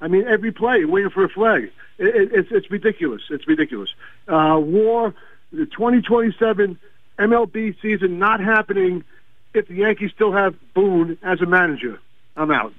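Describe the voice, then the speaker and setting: An older man with a Brooklyn accent calls in to a radio show, complaining in an exasperated, stammering way. His voice sits high for a man. The sound comes through a tinny, dry phone line. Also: expressive, normal speed, no room sound. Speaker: caller.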